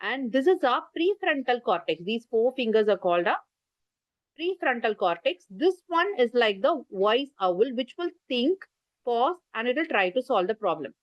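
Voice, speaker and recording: Her voice on the high side with big pitch swings at normal speed, a woman with an Indian English accent teaches an online parenting class over a video call. She explains with gestures and invites listeners to type in the chat, in dry, muffled, lo-fi audio.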